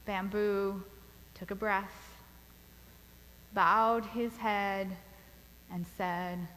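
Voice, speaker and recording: Slow, bright-voiced woman pastor preaching. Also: mid-range voice, fairly even intonation, long reverb tail, a little hiss or hum, poor audio. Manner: deliberate storytelling preaching. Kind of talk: sermon. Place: church sanctuary.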